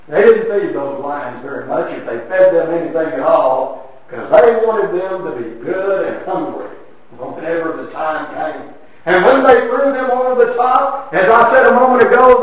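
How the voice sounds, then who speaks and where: A man preaching a sermon, retelling a Bible story with dramatic swings between soft and loud. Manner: dramatic storytelling with sweeping swings of pitch and loudness. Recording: very echoey hall from far off.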